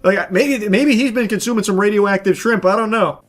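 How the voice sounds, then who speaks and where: A man commentating casually on a clip he pauses, with sarcastic, profane, exasperated rants. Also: high-pitched.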